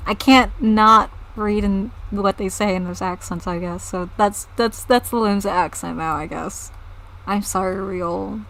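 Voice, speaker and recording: A woman's voice: mid-range voice, fairly even intonation, a little slow, a bit bright, rough recording. A woman streaming a game, chatting casually, blunt and self-mocking, swearing often. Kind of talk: casual live-stream chat.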